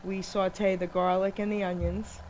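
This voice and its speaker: Woman radio host, teasing and animated, laughs a lot, live studio with faint background hiss. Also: medium pitch, moderate pace, poor audio. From Italian-American family. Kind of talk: casual chat.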